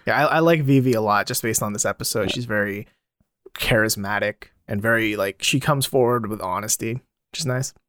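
A man's voice: fairly low pitch, brisk, a bit bright, no room sound, studio quality. A man co-hosting a casual podcast recap, laid-back, swearing casually and reading from his notes. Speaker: podcast co-host. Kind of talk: casual chat recapping a reality show.

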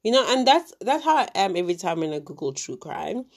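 A woman's voice: mid-range voice, big pitch swings, fairly quick, a little mellow. A woman from Africa, casually retelling a true crime story with many fillers and asides.

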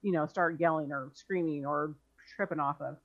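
A woman's voice: deep voice, fairly even intonation, moderate pace, muffled recording. A woman guest on a podcast, hesitantly recounting a personal story with many fillers. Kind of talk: casual podcast conversation.

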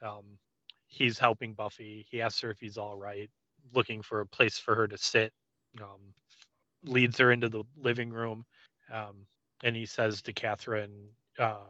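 A man's voice: on the low side, little pitch movement, unhurried, bright, forceful tone, no echo, muffled recording. A man casually recapping a TV episode scene by scene as a podcast co-host, with frequent ums. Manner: frequent "um"s, loose paraphrase of scenes.

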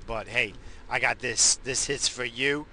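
A man rambling in a profane, easily distracted casual monologue while high. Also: measured pace, sharp tone, slight background noise.

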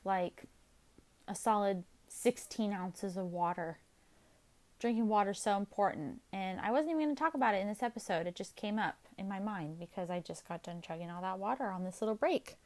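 A young adult woman chats alone on her podcast, rambling quickly from one thing to the next. She talks fast, pokes fun at herself, and keeps an easy, casual tone throughout. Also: mid-range voice, darkish tone. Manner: chatty, fast-talking, self-deprecating. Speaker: podcast host. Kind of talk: casual solo podcast chat.

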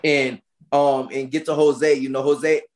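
A man's voice: medium pitch, flat delivery, unhurried, a little mellow. A man who is a boxer, telling stories in a casual podcast interview, rowdy and profane with lots of slang. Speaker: boxer guest.

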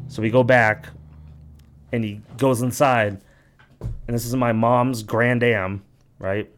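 Young New man, casual podcast co-host, animated storyteller who swears freely and jumps into voices for quotes. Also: medium pitch, slow, pauses often, a little hiss or hum.

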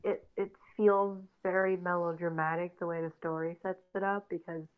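A woman's voice: fairly low pitch, level tone, normal speed, clear, resonant tone. A woman co-hosting a casual podcast, talking in a rambling, opinionated way with lots of fillers. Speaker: podcast co-host. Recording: tinny phone-like line.

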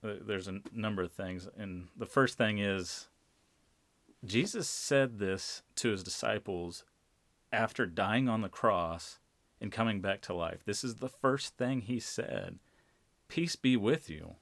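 Slow, deliberate low-voiced male preacher. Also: creaky, a bit bright, no room sound. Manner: slow, deliberate, emphatic repetition. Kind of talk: sermon.

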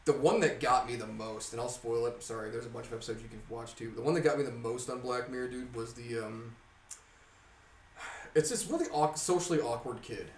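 Animated, swearing young man, off mic. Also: medium pitch, brisk, far from the mic, slight background noise. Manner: animated storyteller, heavy swearing, laughs often. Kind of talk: casual chat. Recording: roomy sound from off mic.

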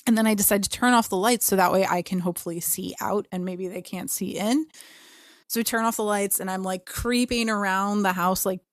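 A young woman tells a personal ghost story in a relaxed, chatty way. She swears easily and slips into little voices for the people she quotes. The sound is close and dry, with no room around her. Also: medium pitch, a little fast, no echo. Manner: animated, swears freely, acts out quotes. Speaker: podcast co-host. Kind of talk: casual storytelling.

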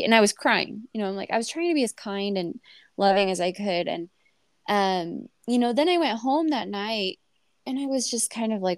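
A woman's voice: mid-range voice, normal speed, dry recording, studio quality. A woman in her thirties telling a personal story on a podcast, candid and emotional, with many fillers and restarts. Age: 30s. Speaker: podcast host.

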